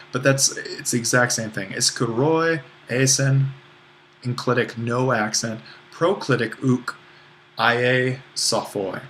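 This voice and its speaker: A man's voice: mid-range voice, fairly bright tone, a little hiss or hum. A man teaching, working through grammar exercises and patiently correcting himself as he goes, with a little dry humor. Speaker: Greek teacher.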